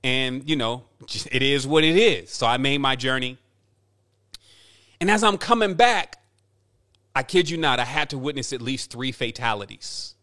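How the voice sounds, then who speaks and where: A man's voice: mid-range voice, lively intonation, normal speed, sharp tone. A man giving a rambling spiritual monologue as a teacher, talking emphatically and repeating himself for effect.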